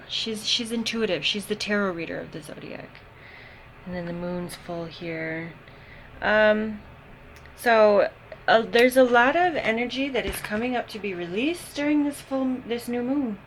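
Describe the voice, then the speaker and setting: Slow-talking woman reading tarot. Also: medium pitch, slight background noise, poor audio. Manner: unhurried, thinking aloud with many ums. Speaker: tarot reader. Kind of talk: casual tarot reading to camera.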